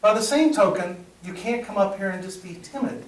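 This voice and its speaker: Energetic middle-aged male workshop trainer. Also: sits high, a little fast. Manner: energetic storyteller, acts out dialogue, laughs at own jokes. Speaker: presentation skills trainer. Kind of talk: live workshop talk. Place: meeting room with audience. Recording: roomy sound from a distance.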